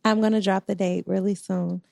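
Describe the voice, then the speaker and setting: A woman's voice: medium pitch, steady tone, brisk, gravelly, a little mellow, no room sound, clean studio sound. A woman co-hosting a podcast in casual chat, affirming the others with frequent short agreements. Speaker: podcast co-host.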